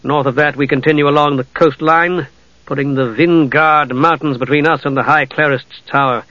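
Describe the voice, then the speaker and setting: A man voicing a stern, proud male knight who speaks slowly and gravely, in a storybook reading. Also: on the high side, fairly even intonation, bright, forceful tone, dry recording, highs cut off. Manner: slow, measured, grave.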